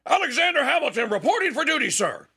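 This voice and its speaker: An eager teenage soldier stands to attention, reporting in a crisp, formal, pitched-up voice, as a man puts him on. His tone is keen and bright, like a boy eager to impress his commander. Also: very animated, fast talker, heavily acted.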